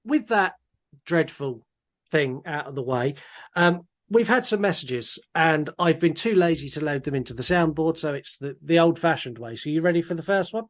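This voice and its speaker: A man's voice: fairly high pitch, lively intonation, moderate pace. A man co-hosting a casual podcast, laughing easily and reading out listener messages. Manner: laughing, restarts often, reads out listener messages. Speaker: podcast co-host.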